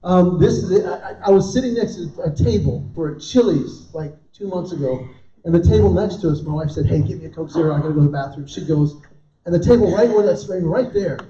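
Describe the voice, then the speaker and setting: A man's voice: fairly high pitch, fairly quick, a little hiss or hum. A man in his fifties doing stand-up comedy at a church event, telling stories and acting out the people in them. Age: 50s. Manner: animated storytelling, acting out quoted dialogue. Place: large hall before a live audience. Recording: roomy, distant, dull hall recording.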